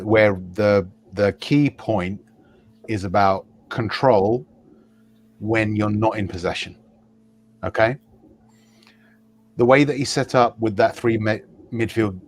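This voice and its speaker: Guy explaining football tactics kinda lecture-y, deepish voice, keeps going "right?". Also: slight background noise. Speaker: podcast panelist. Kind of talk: football analysis.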